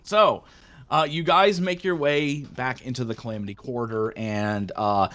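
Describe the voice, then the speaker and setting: A man's voice: mid-range voice, unhurried, a bit bright. A man running a tabletop game as game master, chatting loosely and swearing between laughs. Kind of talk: casual game narration.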